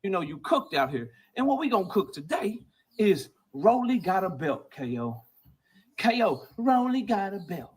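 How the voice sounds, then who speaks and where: A man's voice: high-pitched, very animated, normal speed, husky, poor audio. A man talking boxing on his own channel, brash and trash-talking, played as a clip. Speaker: boxing commentator in clips.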